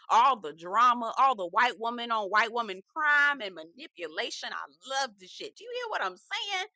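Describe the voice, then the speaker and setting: Sassy woman dishing on reality tv, bright sharp voice, dry close sound, cusses a lot. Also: on the high side, no echo. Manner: sassy, profane, gossipy; animated, acts out quotes. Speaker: reality TV reviewer. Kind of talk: casual recap vlog.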